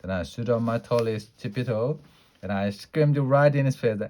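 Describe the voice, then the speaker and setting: A man reading a children's storybook aloud in a lively, playful way. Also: mid-range voice, moderate pace. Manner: lively, playful character voices in a child's first-person story. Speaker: storybook reader.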